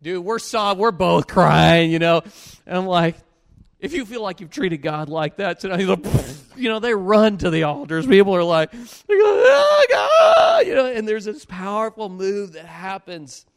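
A man preaching a sermon, telling a story with animated swings between loud bursts and low, earnest pleas. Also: normal speed, clean tone, big-room sound.

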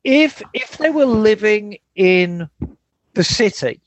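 A man hosting a casual podcast chat, relaxed and rambling, who answers listener emails. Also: high-pitched, slow pace, dull audio. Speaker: podcast host.

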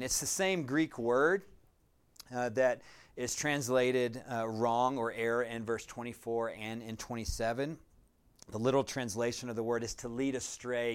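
A man's voice: medium pitch, fairly even intonation, normal speed, clean tone. A pastor preaching a sermon, a man speaking earnestly with emphatic repetition and a conversational touch.

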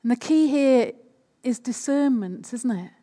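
A woman preaches a sermon in a conversational way, often checking in with the listeners through questions. Her voice sits fairly high. The sound carries a long reverb, as in a church hall. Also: expressive, measured pace, dark tone.

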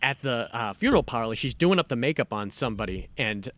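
A man's voice: medium pitch, quick pace. A man chatting casually as a podcast co-host, retelling a film scene by scene with laughter and the odd curse. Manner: animated retelling with frequent laughter and swearing. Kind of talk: casual chat.

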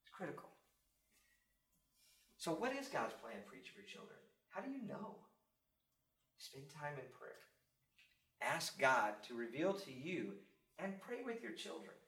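Middle-aged man, preaching, a little high voice, heard from a distance in an echoing room, animated storytelling. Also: a little slow, long pauses. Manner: animated storytelling, acting out scripture dialogue. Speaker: speaker on faith and parenting. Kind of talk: sermon. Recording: roomy echo, mic at a distance.

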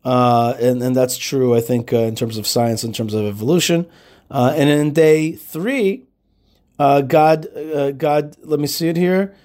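A man's voice: mid-range voice, unhurried, a little mellow. A man hosting a show, teaching scripture in a loose, conversational way with frequent fillers and restarts. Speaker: radio show host.

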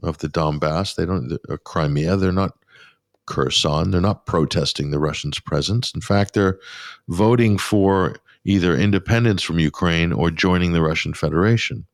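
A man's voice: low voice, normal speed, dry recording. A man hosting a radio show, giving sarcastic, scornful political commentary from a pop-up studio.

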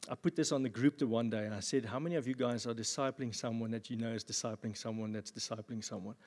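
A man pastor giving a sermon at a church service, with jokey, animated asides. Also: medium pitch, fast talker. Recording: long reverb of a church hall.

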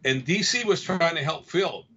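Animated storytelling male coach. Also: a little high, normal speed, highs cut off, a loud crowd. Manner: animated, repeats himself, acts out others' lines. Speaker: fight coach and podcast guest. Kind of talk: casual storytelling chat.

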